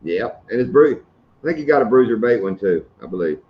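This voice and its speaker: A man's voice: fairly low pitch, big pitch swings, brisk, highs cut off, slight background noise. A middle-aged man hosting a live stream, chatting casually and telling funny stories. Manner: joking storyteller, laughs at his own stories. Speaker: host of a fishing channel live stream.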